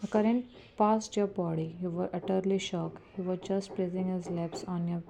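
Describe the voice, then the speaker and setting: Brief: woman reading a romance story aloud, lowish monotone, noisy home recording. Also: moderate pace, gravelly. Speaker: fan-fiction narrator.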